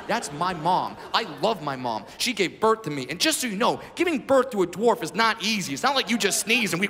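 A brash, animated man performing profane stand-up comedy in a fairly high voice. His voice rings with the long reverb of a large hall. A roaring audience and heavy noise fill the background. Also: brisk, few pauses. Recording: live hall, loud crowd noise. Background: audience laughter.

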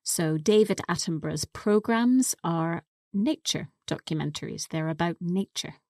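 Slow, low-voiced woman teaching English. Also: darkish tone, no room sound, studio quality. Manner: patient, explains words step by step. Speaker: co-host of an English lesson podcast. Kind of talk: slow, clear teaching explanation.

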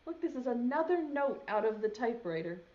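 A young woman preschool teacher reading a picture book aloud, gently stopping to ask the children questions. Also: on the high side, big pitch swings, a little fast, highs cut off. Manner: gentle, asks children questions as she reads. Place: home video lesson.

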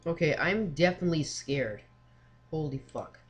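Excitable young man doing game commentary. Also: fairly high pitch, moderate pace. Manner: excitable, swears often, rambling with fillers. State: feeling ill. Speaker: gaming channel host. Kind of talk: casual let's play commentary.

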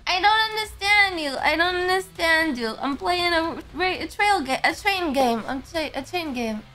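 Woman streamer, casual chat, sleepy and slurring, high and animated. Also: moderate pace, faint music behind.

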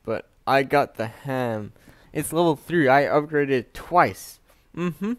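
Young man, excitable gaming commentary, slow delivery, smooth clear voice, dry close sound. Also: mid-range voice, no echo. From Canada. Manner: excitable, swearing, swings between mumbling and yelling. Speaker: gaming youtuber. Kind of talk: casual gameplay commentary.

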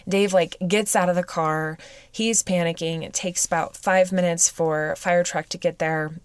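A woman hosting a podcast, telling a personal story in a halting, emotional way with many fillers and restarts, sounding weepy. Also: lowish voice, fairly even intonation, clean tone, no room sound. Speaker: podcast host.

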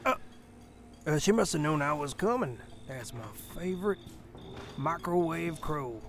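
A man doing a crude, slow-talking bumbler. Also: a little high, lively intonation. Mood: grumbling. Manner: vulgar, rambling, muttering to himself. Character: crude dim-witted man searching a derelict house. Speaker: comedic dub voice. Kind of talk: parody voice-over of game footage. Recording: game ambience noise behind the voice.

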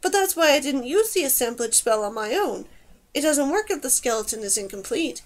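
A woman's voice: high voice, very animated, fairly quick. A woman voicing a learned male mage in an audiobook, explaining patiently like a lecturer. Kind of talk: audiobook character voice.

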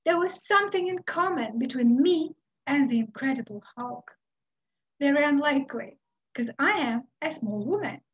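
Speaking in a high voice, a middle-aged Uzbek woman tells a story slowly and dramatically, with many pauses. The audio is dull and lo-fi.

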